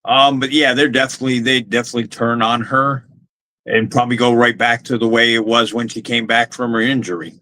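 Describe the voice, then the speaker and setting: A man's voice: mid-range voice, steady tone, fairly quick, bright, forceful tone, low-quality recording. A man co-hosting a wrestling podcast, talking loosely with many fillers. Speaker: podcast co-host. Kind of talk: casual wrestling talk.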